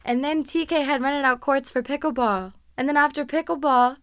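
A woman hosting a podcast, telling stories in a casual, animated, sarcastic way and laughing often. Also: high voice, normal speed, no room sound, studio quality. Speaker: podcast host. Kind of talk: casual storytelling monologue.

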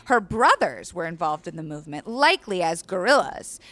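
A woman's voice: lowish voice, big pitch swings, moderate pace, bright, forceful tone. A woman, a guest author, reading history aloud on a podcast and breaking off into profane, joking asides. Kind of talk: casual podcast storytelling.

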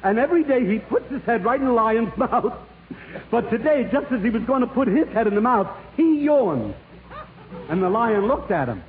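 A man's voice: very high voice, sing-song, moderate pace, a little hiss or hum. A man doing a stand-up comedy routine for an audience, explaining an opera with mock seriousness and chuckling at his own punchlines. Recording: tinny echoey old radio broadcast.

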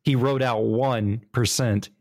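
A man's voice: medium pitch, steady tone, takes it slowly, a little mellow. A man hosting a gaming podcast, explaining things at length with casual, hesitant restarts. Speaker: podcast host.

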